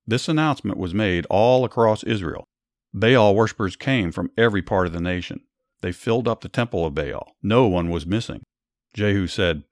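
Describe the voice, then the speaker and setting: A man hosting a podcast, giving a steady, earnest scripted Bible story narration. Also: low-pitched, moderate pace, dry recording, clean studio sound. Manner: steady, plain, earnest reading.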